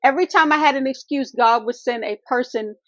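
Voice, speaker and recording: A woman's voice: high voice, a little fast, fairly bright tone, dry recording. A woman vlogger talking to her viewers in an earnest, faith-filled way, calling them y'all and honey. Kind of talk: heartfelt casual vlog talk. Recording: dull lo-fi dry sound.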